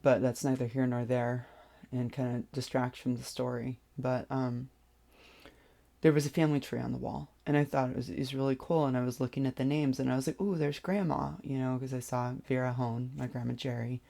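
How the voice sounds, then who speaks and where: A vlogger telling a personal story in a hesitant way, with many pauses and restarts. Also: mid-range voice, little pitch movement, vocal fry, warm tone.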